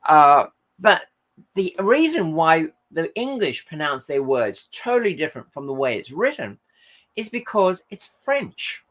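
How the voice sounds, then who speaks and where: A man's voice: fairly high pitch, very animated, a little slow, a bit bright. An Australian man hosting a casual livestream, reading viewer comments aloud and rambling in friendly chat.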